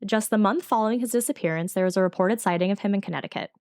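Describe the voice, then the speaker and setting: A woman with a mid-range, darkish voice co-hosts a podcast, recounting a true-crime case in fast, chatty, casual fashion from her notes. The recording is dry, with clean studio sound.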